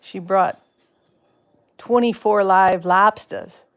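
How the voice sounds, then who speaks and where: A woman's voice: medium pitch, slow. A woman from Wisconsin with a Wisconsin accent, chatting casually on a livestream and answering viewers' comments by name. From Wisconsin, USA. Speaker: livestream host. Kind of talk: casual live-stream chat.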